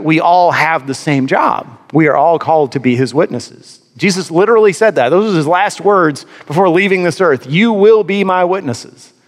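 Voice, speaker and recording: A man's voice: a little high, big-room sound. A man preaching a sermon, telling a personal story with wry, self-deprecating humor. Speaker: pastor.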